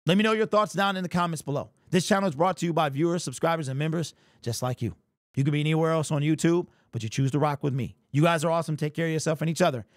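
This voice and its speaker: A man's voice: fairly high pitch, quick pace, no echo, studio quality. Amped man hosting a sports fan channel. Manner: amped, emphatic, repeats points. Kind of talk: fan commentary vlog.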